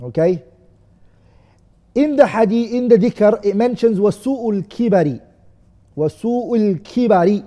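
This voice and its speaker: This male teacher has a warm, high voice and leads a classroom lesson on texts, asking and answering his own questions and reciting set foreign-language phrases. The sound carries a large hall's long reverb.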